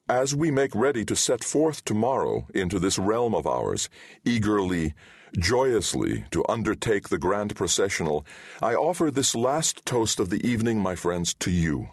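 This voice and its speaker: A man's voice: low-pitched, slightly rough, no echo, clean studio sound, voice pushed up, full character voice. A man voicing a weary male king who speaks in a formal, stately way.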